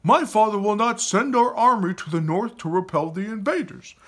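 A defiant young prince from a storybook, pressing his warning hard, his voice husky and rising and falling with feeling, as a man reads him aloud. He talks with urgent emphasis. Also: high voice, expressive, normal speed, fairly bright tone, pitched above the performer's own voice. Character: proud defiant young male forest-tribe prince.

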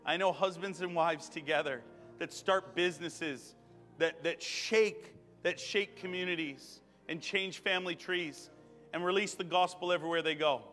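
A man in his thirties preaching a charismatic sermon and praying over people, fervent, repeating phrases and rising to shouts. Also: on the high side, normal speed. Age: 30s. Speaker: guest preacher. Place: church sanctuary. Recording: long church hall reverb with music.

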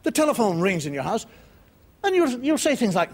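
A man's voice: high voice, huge pitch swings, fairly quick, a little mellow, slightly rough. A man doing a stand-up monologue as a TV comedy host, wry and mock-indignant, swearing freely as he tells his stories. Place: TV studio before a live audience.

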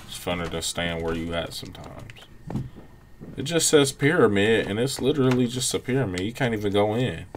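Laid-back low-voiced man commentating gameplay. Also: animated, fairly quick, slight background noise. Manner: laid-back, reactive, frequent exclamations. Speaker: gaming channel host. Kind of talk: let's-play gameplay commentary.

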